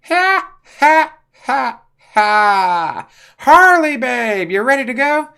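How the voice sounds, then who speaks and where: A man's voice: extremely high pitch, expressive, brisk, pitched above the performer's own voice, heavily acted. A man voicing a manic, scheming male supervillain clown with a cackling laugh. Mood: gleeful. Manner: manic cackling, loud and gleeful.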